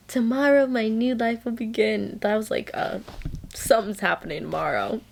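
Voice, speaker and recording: A young woman vlogging about a book she is reading, gushing and excitable as she recaps scenes and reads passages aloud. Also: medium pitch, vocal fry. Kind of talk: casual reading vlog, recapping a novel.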